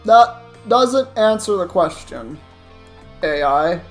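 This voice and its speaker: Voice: mid-range voice, animated, slow. Rambling streamer over faint game music. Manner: rambling, self-interrupting, swears casually. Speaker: streamer playing a Pokemon challenge run. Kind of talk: casual let's-play commentary.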